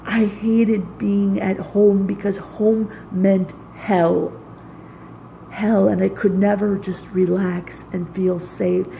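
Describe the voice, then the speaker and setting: Woman, gravelly voice, dark tone, unhurried, raw emotional venting, swearing. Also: medium pitch, level tone, slight background noise, low-quality recording. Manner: raw, intense, profane venting. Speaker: vlogger. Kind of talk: emotional personal monologue.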